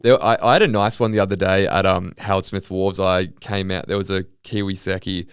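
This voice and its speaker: A man's voice: low-pitched, little pitch movement, fairly quick, smooth, dry recording, studio quality. A young man with an Australian accent, co-hosting a podcast in a laid-back, sweary, jokey way. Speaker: podcast co-host. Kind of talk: casual chat.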